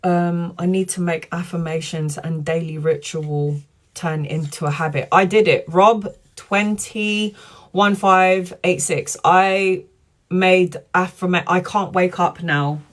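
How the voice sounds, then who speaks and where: A woman tarot reader talking earnestly to viewers on a live stream, in a chatty, warm-hearted way. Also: fairly low pitch, steady tone, slow pace. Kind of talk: live-stream spiritual talk.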